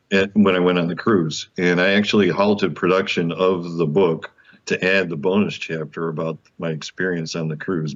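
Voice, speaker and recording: A man with a very low voice recounts a story as a guest in an interview, acting out the back-and-forth and laughing as he goes. The sound is a little dull and muffled, like a modest remote recording. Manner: animated, laughs often, acts out quoted dialogue. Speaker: guest author.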